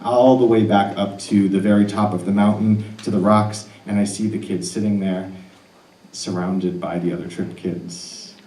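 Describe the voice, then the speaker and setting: A man telling a true personal story live on stage, earnest and animated with laughing asides. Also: on the low side, moderate pace, a little hiss or hum. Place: stage in an arts center hall. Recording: roomy hall audio picked up from a distance.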